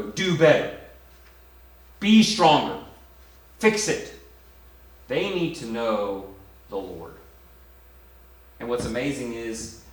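Middle-aged male preacher, mid pitch, animated, swings from quiet to loud, roomy echo. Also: a little hiss or hum. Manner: animated, swings from hushed to loud when voicing imagined speakers. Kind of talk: sermon.

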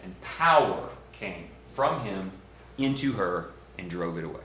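A man preaching a sermon in a church, talking emphatically and swinging between loud stresses and hushed, quiet lines. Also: low voice, sing-song, unhurried, a little hiss or hum. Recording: echoey room.

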